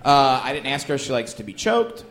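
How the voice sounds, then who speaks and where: Talking a little fast, this male comedian has a medium-pitched, slightly bright voice and a very animated delivery. He's a guest doing a stand-up bit and loose, joking banter, with lots of fillers and laughter along the way.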